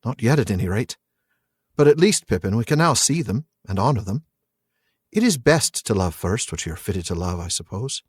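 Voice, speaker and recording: A man voicing a thoughtful young male hobbit who muses quietly as he reads aloud from a novel. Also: on the low side, sing-song, normal speed, breathy edge, no room sound, clean studio sound. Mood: musing. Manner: reflective, wondering.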